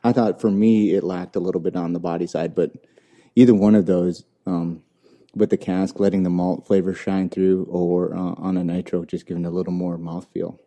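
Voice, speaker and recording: A man with a very deep, dark and mellow voice chats casually about beer. He rambles along, with plenty of ums and restarts, in a relaxed podcast conversation. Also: normal speed. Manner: rambling, many fillers and restarts. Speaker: podcast co-host.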